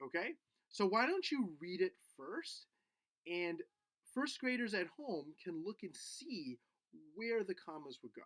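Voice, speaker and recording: Teacher guy talking slow and gentle to little kids, bright clear tone. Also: high-pitched, sing-song, no echo. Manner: gentle, patient, coaxing. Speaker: elementary school teacher. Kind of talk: video lesson for first graders.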